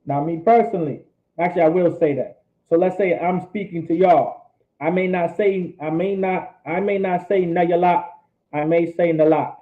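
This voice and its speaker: Guy teaching a language class, repeats phrases slow, tinny phone-ish sound. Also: high-pitched, steady tone. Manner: slow, repetitive drilling of phrases. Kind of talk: language lesson.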